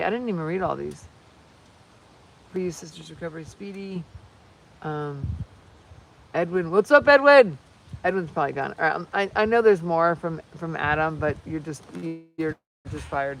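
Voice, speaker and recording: A woman's voice: fairly low pitch, a bit bright. Rambling woman streaming live, far from the mic. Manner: rambling, chatty, reads viewer comments aloud. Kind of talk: casual live stream chat. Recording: distant mic with faint background noise.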